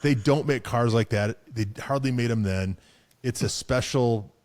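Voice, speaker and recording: A man's voice: mid-range voice, a little slow, a little mellow. A man co-hosting a car show, chatting casually with lots of fillers, restarts and chuckles. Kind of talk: casual chat.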